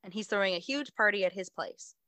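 A woman's voice: mid-range voice, a little fast, sharp tone, no echo, low-quality recording. A young woman, a student, retells a staged story in a chatty way. She sounds dry and close. Her voice sits at an average height. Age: young adult. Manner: chatty storytelling, acts out lines with fillers like "like". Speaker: university student, co-host. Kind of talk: casual chat.

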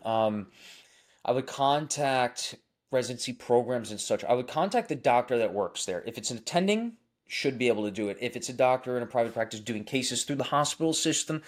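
A young man from Long Island with a Long Island accent, a dentist chatting casually on a livestream, reading out viewer comments and answering them. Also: mid-range voice. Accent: Long Island New York. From Long Island, New York. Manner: reads viewer names aloud and answers them, often repeating phrases.

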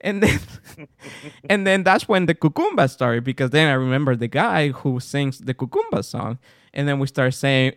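Animated male podcast host. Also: medium pitch, moderate pace, no room sound, clean studio sound. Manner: animated storytelling, lively intonation. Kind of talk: casual chat.

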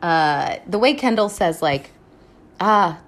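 A woman's voice: lowish voice, lively intonation, takes it slowly. Chatty, foul-mouthed woman podcaster. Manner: rambling, heavy swearing, laughs often. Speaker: podcast host. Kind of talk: casual TV recap monologue.

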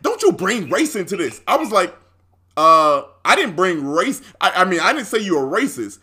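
A man's voice: sits high, bright, forceful tone, breathy edge. A man co-hosting a podcast, telling a story in casual chat, acting out the others' lines, laughing often and swearing freely. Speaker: podcast co-host.

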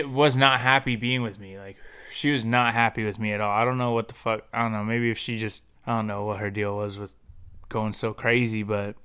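A young adult man hosting a podcast tells a personal story in a casual monologue, profane, slangy, and rambling, with many restarts. His medium-pitched voice has a sharp, clean tone.

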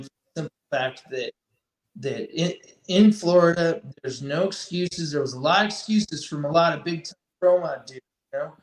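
A man guest on a talk show, telling stories in a laid-back way and swearing freely. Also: a little high. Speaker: racer guest. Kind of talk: casual podcast chat. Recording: echoey room.

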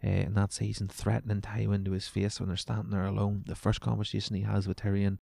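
Gravelly, sweary man. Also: fairly low pitch, monotone, quick pace, warm tone, no echo. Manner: sweary, sarcastic, mocking. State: voice going. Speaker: podcast host. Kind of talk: casual solo podcast rant.

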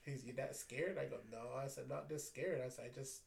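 Gravelly man telling a ghost story. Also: mid-range voice, a little fast. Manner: animated, repeats "I said" often. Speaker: night security officer. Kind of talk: casual storytelling. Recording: distant mic with faint background noise.

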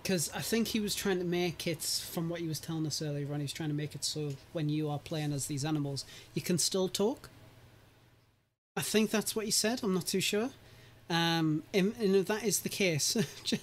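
A man's voice: fairly high pitch, slight background noise. A man hosting a podcast in casual chat, talking easily and laughing often. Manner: chatty, laughs often, restarts. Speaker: podcast host.

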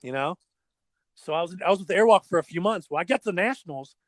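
A middle-aged man, a former pro skateboarder, telling stories in casual chat, animated and repeating words as he goes. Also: high-pitched, fast, dry recording. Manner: animated, acts out quoted dialogue, repeats words.

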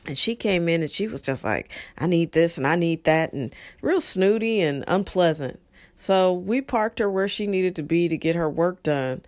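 A woman telling stories from her past in a blunt, animated, profane way, acting out what people said. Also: sits low, no room sound. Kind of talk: casual storytelling monologue.

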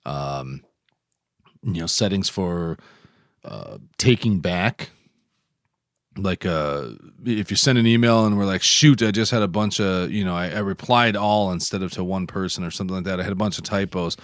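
A man's voice: low voice, moderate pace, dry recording, clean studio sound. A man co-hosting a podcast, explaining app tips in casual, rambling chat. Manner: rambling, self-correcting explainer. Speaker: podcast co-host.

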